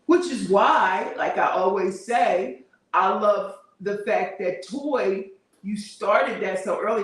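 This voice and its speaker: A middle-aged woman hosts a casual livestream, chatting, laughing often and reading viewer comments aloud. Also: medium pitch. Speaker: livestream host. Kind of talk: casual live-stream chat. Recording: very echoey room, voice far from mic.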